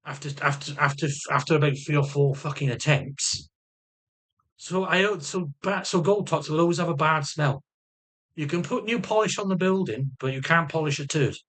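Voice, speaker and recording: A man with a somewhat high, slightly bright voice and a moderate pace vlogs in an unscripted, rambling way. He swears and repeats himself as he works through his frustrations in this personal vlog.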